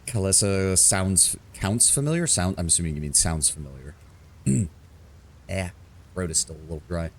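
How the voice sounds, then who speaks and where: A man's voice: sits low, moderate pace, slight background noise. A man streaming a fantasy game, casually and wryly chatting with viewers between story readings. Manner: casual, wry, talks to chat.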